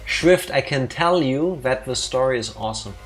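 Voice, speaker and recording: A woman's voice: extremely low pitch, lively intonation, normal speed, faint music behind. A woman with a Danish accent co-hosting a let's play, chatting casually in a playful, teasing way with theatrical asides. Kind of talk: casual chat over gameplay.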